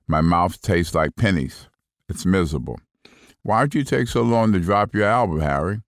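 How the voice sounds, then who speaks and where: A man's voice: deep voice, dry recording, studio quality. A man voicing a frazzled, rain-soaked meditation-app narrator whose soothing delivery keeps slipping into whiny complaint. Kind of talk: comic first-person reading.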